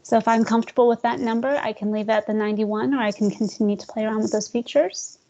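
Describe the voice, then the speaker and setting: A woman walks agents through a software demo in a loose, friendly way, calling them "guys" and cracking small jokes when the screen is slow. Her voice sits a bit high. The sound is dull and lo-fi, like audio from a web call. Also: fairly even intonation, vocal fry. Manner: chatty, addresses audience as guys, jokes about glitches. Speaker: real estate software trainer. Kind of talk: screen-share software tutorial.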